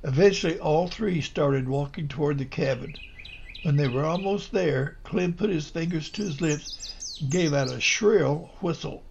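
A man's voice: a little high, a little slow, vocal fry, darkish tone, dull audio, slight background noise. A man narrating a storybook tale in an earnest, homespun reading voice with small slips. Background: music.

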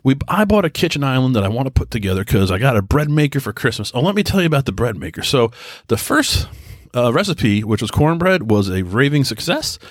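A man's voice: mid-range voice, very animated, fairly quick, no echo, studio quality. A man in his thirties hosting a solo casual podcast from home, rambling and self-deprecating with many restarts. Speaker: podcast host. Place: quiet home.

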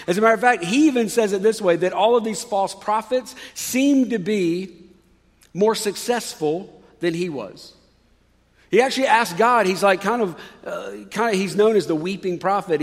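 A man's voice: sits high, long reverb tail. A male pastor preaching a sermon in a conversational way, rising with emphasis on key points.

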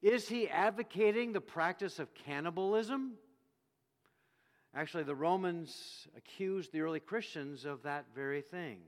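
A man preaching a sermon, telling the story with animated delivery and acting out the quoted voices. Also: fairly high pitch, unhurried. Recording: long reverb of a hall.

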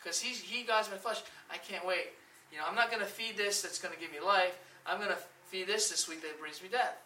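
A woman's voice: medium pitch, a little fast, bright, forceful tone, far from the mic, slight background noise. A woman preaching a sermon with emphasis, asking the room questions and acting out quoted voices. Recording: echoey room, voice from off the mic.

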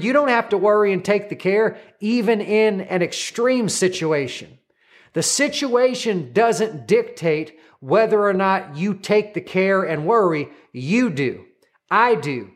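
A man with a high voice preaches a sermon as a pastor. He presses his listeners with frequent calls of "come on" and asks them to repeat lines after him.

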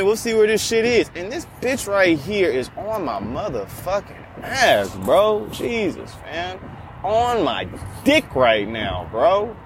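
A man's voice: high-pitched, a little hiss or hum. A man in his twenties talking casually while driving, rambling and joking with constant profanity. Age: 20s. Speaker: vlogger. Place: in a car on city streets.

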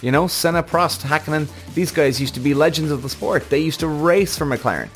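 Host type: worked-up, cursing man, fairly high voice that swings widely, soft music underneath. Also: animated, fairly quick. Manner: heated, profane, exasperated ranting. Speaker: F1 reaction show host. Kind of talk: ranting commentary vlog.

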